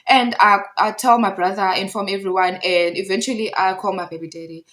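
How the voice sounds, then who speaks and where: A woman's voice: mid-range voice, fairly even intonation, a little fast, hardly any pauses, fairly bright tone, poor audio. A young South African woman retelling a conflict in a casual storytime, emphatic and heated, repeating points for effect. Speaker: storyteller vlogger.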